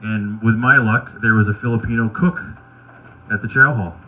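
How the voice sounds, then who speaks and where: A man doing stand-up, telling wry, crude anecdotes in a deadpan way. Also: fairly low pitch, normal speed, muffled recording. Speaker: stand-up comedian. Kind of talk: stand-up storytelling at an open mic.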